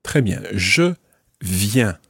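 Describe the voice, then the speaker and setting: Male French tutor, husky lower voice, very animated intonation, patient and clear. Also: no room sound, clean studio sound. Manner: patient, models phrases slowly and clearly. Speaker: French teacher. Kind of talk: language lesson with a learner.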